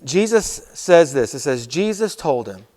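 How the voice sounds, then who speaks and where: High-voiced youth pastor preaching. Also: male voice, very animated, measured pace, a little mellow. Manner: conversational, repeats key lines, quotes with acted voices. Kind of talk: youth sermon.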